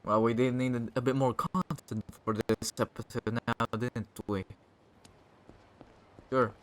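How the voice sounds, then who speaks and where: A man's voice: medium pitch, flat delivery, unhurried, slight background noise. A man hosting a gameplay video, chatting loosely between the game's scenes. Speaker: gaming host. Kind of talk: let's play commentary.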